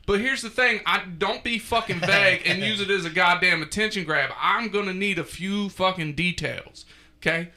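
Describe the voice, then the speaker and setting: A man co-hosting a podcast, ranting loudly and crudely through a countdown list. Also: high-pitched, moderate pace. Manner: loud, crude, animated ranting. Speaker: podcast co-host. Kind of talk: casual profane chat.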